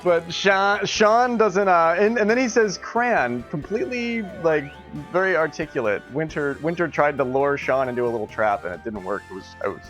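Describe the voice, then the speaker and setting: A man's voice: a little high, moderate pace, a bit bright, soft background music. Giggly, rambling male game streamer. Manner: chatty, giggly, rambling asides to chat. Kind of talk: casual live-stream chat.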